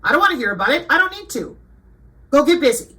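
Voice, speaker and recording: A woman's voice: high-pitched, very animated, quick pace, sharp tone, low-quality recording. A woman reading aloud from a web page and commenting, indignant and lecturing at times. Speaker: online commentator.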